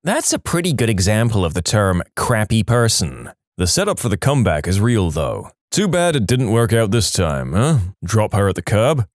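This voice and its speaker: A man reading reddit stories aloud in a lively storytelling manner. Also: on the low side, normal speed, dry recording, studio quality. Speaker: narrator.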